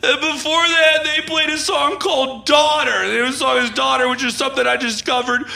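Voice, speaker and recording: A comedian acting out a heartbroken male radio DJ who shouts his on-air patter while his voice keeps breaking. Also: extremely high pitch, steady tone, normal speed, gravelly, heavily acted. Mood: frantic. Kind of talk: stand-up act-out. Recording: roomy echo.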